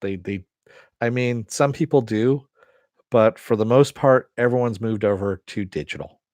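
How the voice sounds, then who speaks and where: A middle-aged man with a mid-range, darkish voice runs a relaxed live stream at a moderate pace. He wanders through answers to viewers, swearing and restarting often. No room sound is audible.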